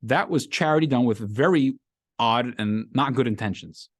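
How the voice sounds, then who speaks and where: A man's voice: medium pitch, moderate pace, no room sound, studio quality. A man who is a rabbi giving a conversational Torah class to a live group, explaining ideas and acting out everyday scenarios.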